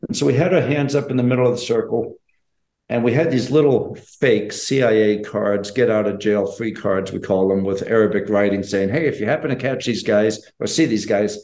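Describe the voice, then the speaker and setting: An older man, a former special forces operator, telling a story in an interview in a measured, earnest, plainspoken way. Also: lowish voice, darkish tone. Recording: roomy echo.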